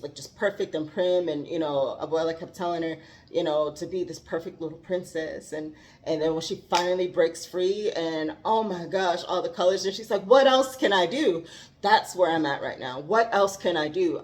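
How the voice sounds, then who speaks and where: A woman's voice: lowish voice, a little mellow. A woman talking earnestly about faith and growth, heartfelt and given to laughing. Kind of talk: reflective faith talk.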